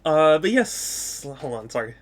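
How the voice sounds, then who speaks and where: A man with a high, light voice chats playfully as he opens a game stream, greeting viewers by name and laughing easily. He talks at an unhurried, easygoing pace. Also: very animated. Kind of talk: casual live-stream chat.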